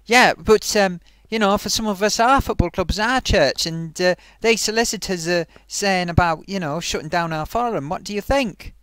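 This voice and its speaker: A man's voice: high-pitched, normal speed, hardly any pauses, a bit bright, clean tone, no echo, studio quality. A man hosting his own vlog and chatting casually, rambling along with plenty of ums and restarts. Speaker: vlogger host. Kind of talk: casual comedy vlog chat.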